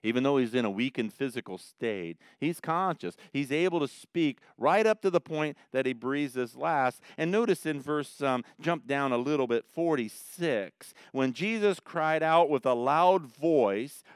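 A man preaching a sermon as pastor, moving between hushed, intense passages and fervent, almost shouted emphasis. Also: medium pitch, animated, a little slow, hardly any pauses, clear, resonant tone, no room sound. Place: church in Indianapolis.

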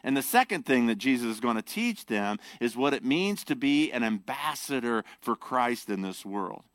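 Male pastor, emphatic sermon delivery, lively pitch swings, dry close sound. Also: moderate pace, no room sound. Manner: animated, emphatic preaching.

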